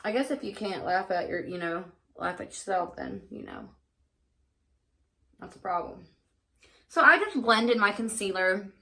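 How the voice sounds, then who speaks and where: A woman's voice: mid-range voice, expressive, unhurried, creaky, pauses often, sharp tone. A woman beauty vlogger chatting casually and candidly through her makeup routine, with lots of fillers. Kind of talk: casual get-ready-with-me chat.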